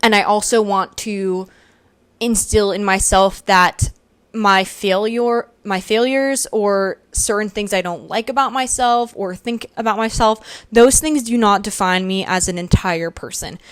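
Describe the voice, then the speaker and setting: Recorded at home with no echo, a young podcast host speaks at a medium pitch in a steady, unhurried tone. Her solo episode is a relaxed reflection, chatty and thoughtful, sprinkled with frequent fillers.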